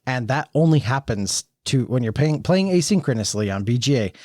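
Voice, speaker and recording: A man's voice: mid-range voice, animated, a little fast, a little mellow, no room sound, studio quality. A man hosting a casual board game podcast, chatty and steering the talk. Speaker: podcast host. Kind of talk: casual chat.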